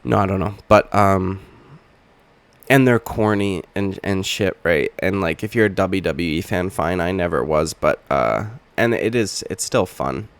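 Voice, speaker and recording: A young man hosting a casual reaction vlog, hoarse from just waking up, with a rambling, profane, wisecracking way of talking. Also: low voice, a little slow, dry recording. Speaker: channel host.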